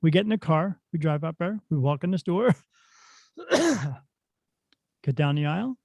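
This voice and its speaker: Gravelly middle-aged man telling stories. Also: on the high side, normal speed, no room sound. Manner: animated storyteller who acts out dialogue. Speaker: spirit medium guest. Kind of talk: casual storytelling in a podcast interview. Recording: dull, dry lo-fi sound.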